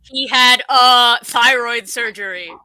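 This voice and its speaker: A young woman from Canada, bubbly and casual, chatting about her animated series and swearing now and then. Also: on the high side, takes it slowly, no room sound. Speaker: creator of an animated series, guest. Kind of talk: casual interview chat.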